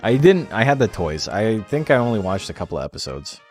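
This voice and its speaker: A man's voice: lowish voice, sing-song, brisk, darkish tone, faint music behind. A man streaming a game tournament, chatting casually and rambling in a laid-back way, swearing now and then.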